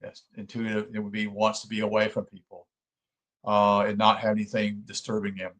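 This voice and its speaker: A man hosting his own channel, reading a book aloud and stopping to explain it in loose, halting talk full of fillers and restarts. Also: on the low side, completely flat delivery, fairly bright tone, rough recording. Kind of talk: book reading with spoken commentary.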